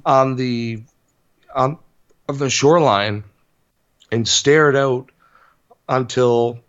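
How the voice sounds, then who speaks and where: Podcast co-host, male, unhurried and halting, slightly dull lo-fi sound. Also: mid-range voice, creaky. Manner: halting, hesitant, explaining. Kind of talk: casual podcast chat.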